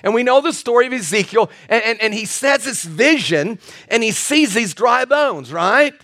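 A middle-aged male pastor preaching a sermon in an earnest storytelling way, stumbling and repeating words when excited. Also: extremely high pitch, normal speed.

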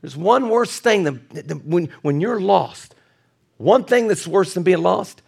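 High-voiced earnest preacher man. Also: sing-song, moderate pace, creaky, breathy edge. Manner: earnest, repetitive, builds to emphatic peaks; chuckles at his own asides. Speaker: pastor. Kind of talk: sermon.

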